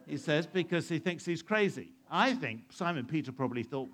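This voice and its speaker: A man's voice: a little high, expressive, brisk, few pauses, a bit bright. A man telling a Bible story to children, asking them questions and acting out the scenes. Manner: asks the listeners questions and plays out the scenes. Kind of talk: animated Bible storytelling to a young audience.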